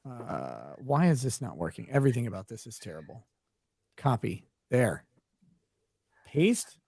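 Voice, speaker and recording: A man's voice: medium pitch, big pitch swings, unhurried, gravelly, a little mellow, husky, no room sound, studio quality. A man hosting a casual livestream, joking with guests and grumbling at his computer. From Minnesota. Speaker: livestream host.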